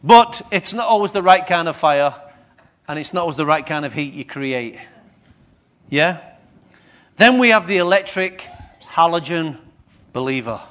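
A man's voice: a little high, animated, moderate pace, long pauses, a bit bright. A man preaching a sermon, questioning his congregation as he goes.

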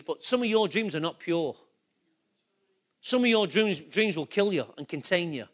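A man's voice: sits high, a bit bright. A male pastor preaching a sermon, emphatic and full of rhetorical questions to his congregation.

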